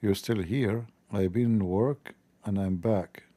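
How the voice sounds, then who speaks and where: Guy chatting on his stream, mellow dark voice, kinda rambly and jokey. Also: fairly low pitch, slow pace. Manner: rambling, joking, talks to viewers. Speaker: live stream host. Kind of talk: casual live-stream chat.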